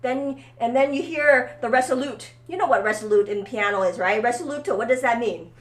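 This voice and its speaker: A woman's voice: on the high side, a little fast, roomy sound. A woman giving a one-on-one violin lesson, coaching and encouraging her student, often checking in with "okay?". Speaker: violin teacher. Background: faint violin playing.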